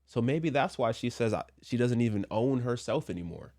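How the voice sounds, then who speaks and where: A man's voice: medium pitch, lively intonation, moderate pace, a little mellow. A man giving casual commentary from a Christian view, chatty with joking asides, and a little under the weather. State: a little sick. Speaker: commentary vlogger.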